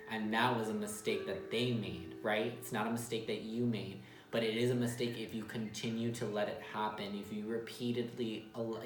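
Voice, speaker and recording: A man giving a casual tarot reading, talking bluntly and emphatically with some swearing. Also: mid-range voice. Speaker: tarot reader. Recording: roomy echo with faint music.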